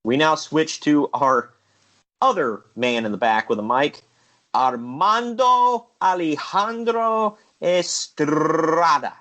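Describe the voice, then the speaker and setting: A man's voice: medium pitch, measured pace, a bit bright. A man giving a casual play-by-play recap of wrestling matches in an easygoing way. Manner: easygoing, laughs at his own bits, occasional uh fillers. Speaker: show host recapping a figure wrestling league.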